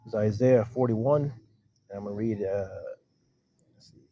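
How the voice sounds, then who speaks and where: A man preaching in a casual, conversational way. He keeps checking in with his listeners and slows down to read scripture aloud. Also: fairly low pitch, slight background noise. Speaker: street preacher teaching scripture. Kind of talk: casual sermon with scripture reading. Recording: dull lo-fi recording.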